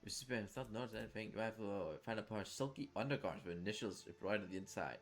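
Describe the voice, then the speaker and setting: A man's voice: lowish voice, racing. A man streaming a game, reading the narration and joking around playfully.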